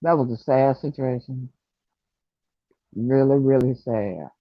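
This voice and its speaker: A livestream chat host talking in a halting, somber way, with many pauses and fillers. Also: medium pitch, no room sound, lo-fi sound.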